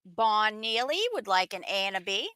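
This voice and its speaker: A woman's voice: mid-range voice, animated, normal speed, bright, forceful tone, smooth, no room sound. A woman assisting at a live craft sale, reading buyers' orders aloud and chiming in with product details. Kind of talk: casual live sale chat.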